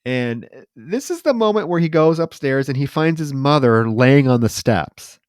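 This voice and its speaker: A man co-hosting a podcast, retelling movie scenes in an animated, casual way and swearing freely. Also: on the high side, moderate pace, no echo, clean studio sound. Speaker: podcast co-host.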